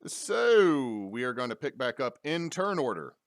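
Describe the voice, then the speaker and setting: A man's voice: medium pitch, very animated, unhurried, no echo, clean studio sound. A man acting as dungeon master, giving a casual, jokey recap of a tabletop game on a stream.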